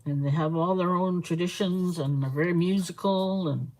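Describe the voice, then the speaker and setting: A woman's voice: lowish voice, normal speed, warm tone, rough recording. A woman hosting a casual live stream, rambling and chatting with viewers as she reads their comments aloud. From Canada. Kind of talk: casual live-stream chat while crafting.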